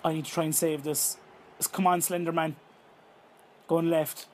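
A young Irish man with a high-pitched voice calls a football video game as he plays it. His commentary is excitable, full of swearing and outbursts at the screen. A faint hiss of background noise sits under his voice. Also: normal speed. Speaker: gaming YouTuber. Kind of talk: live gameplay commentary.

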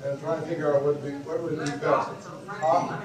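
Man in his fifties from Illinois, exclamatory lecture storyteller, slightly high voice, distant hall recording. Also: little pitch movement, quick pace, crowd noise. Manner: exclamatory, rambling, chuckling asides. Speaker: guest speaker. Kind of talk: rambling lecture anecdotes. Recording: echoey hall taped from the audience on cassette.

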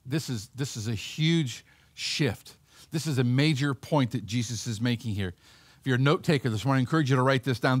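A man's voice: on the high side, fairly bright tone, no room sound. A male pastor giving a sermon in a conversational way, acting out the voices of the people in a Bible story.

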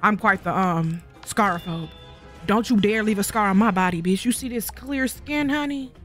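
A young adult gaming creator talks over gameplay in a sassy, rambling way, swearing freely and joking at the audience. The voice sounds bright and a little tense, with soft music running underneath. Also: medium pitch, moderate pace. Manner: sassy, rambling, profane trash talk. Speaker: gaming YouTuber. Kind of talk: casual gameplay commentary.

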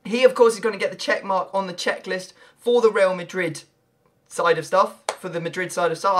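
A young man, giving excitable pack-opening commentary on a video game, breaking into loud shouts and laughter. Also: high voice, brisk. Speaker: gaming video creator.

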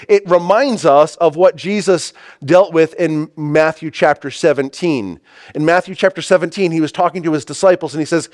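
A man's voice: on the high side, animated, moderate pace, a little mellow. A man preaching a sermon as pastor, reading scripture aloud and stressing key phrases emphatically.

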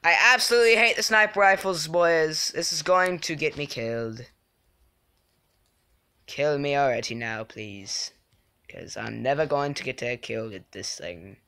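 Bright-voiced young man streaming a game. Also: fairly high pitch, measured pace, clean tone. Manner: excitable, swings from mumbling to yelling in frustration. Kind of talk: casual live game commentary.

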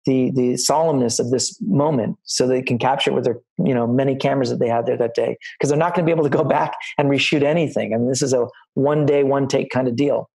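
A man's voice: mid-range voice, steady tone, fast talker, gravelly, hardly any pauses, a little mellow, husky, poor audio. Middle-aged man, line producer, anecdotal, rambling, video call audio. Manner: anecdotal and rambling, with many restarts. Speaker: line producer giving career advice. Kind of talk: talk to film students on a video call.

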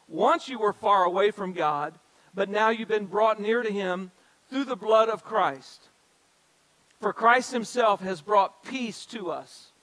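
High-voiced man preaching a sermon. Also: fairly bright tone, poor audio. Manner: addresses congregation directly, repeats key phrases. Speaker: pastor. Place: church sanctuary.

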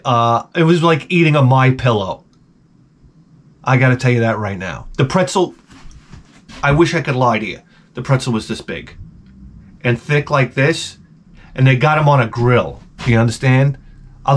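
A middle-aged man from Long Island, telling stories in a profane, sarcastic, rambling vlog monologue. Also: medium pitch. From Long Island, New York. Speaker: vlogger.

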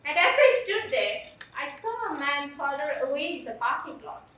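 Woman, stage storyteller, earnest, emotional, high pitch, very echoey hall, distant mic. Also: big pitch swings, bright, forceful tone. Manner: earnest, emotional, deliberate phrasing. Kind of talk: personal storytelling performance.

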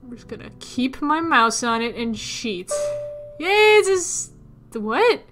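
A woman's voice: sits high, big pitch swings, a little slow, a bit bright, soft background music. A young woman casually commenting as she plays a puzzle game, chatting to her viewers and muttering to herself. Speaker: let's player.

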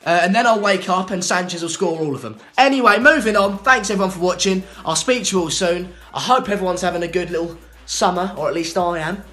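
A man's voice: high-pitched, fast, few pauses, sharp tone. A man, a football presenter rambling and joking through a match prediction. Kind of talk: casual self-recorded prediction.

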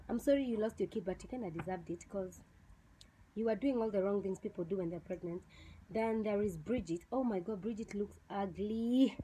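Young kenyan woman vlogging, blunt and scornful, mid pitch, faint noise behind. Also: normal speed, warm tone, low-quality recording. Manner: blunt, scornful, slips into Swahili slang. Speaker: vlogger reviewing a TV show. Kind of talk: casual opinionated review.

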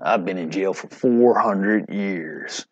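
A man voicing a defiant, proud boxer who refuses the draft, delivering the lines in a slow, emphatic declamation. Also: sits low, slightly rough, muffled recording, exaggerated voice.

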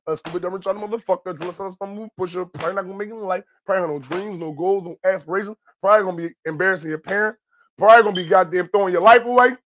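Host, male, young, Philadelphia accent, high-pitched voice, profane commentary rant with shouted outbursts. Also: very fast.

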